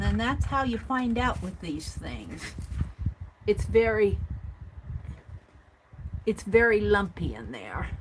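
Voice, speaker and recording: A woman casually demonstrating a mixed-media art experiment, thinking aloud as she works at a craft table. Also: mid-range voice. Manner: thinks aloud while working, chatty and tentative. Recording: audible background noise with clicks.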